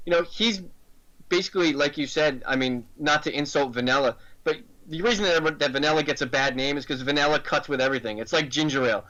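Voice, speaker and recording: An American man co-hosting fantasy football radio, giving quick joking analysis in casual chat. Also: fairly high pitch, bright, forceful tone, highs cut off. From United States.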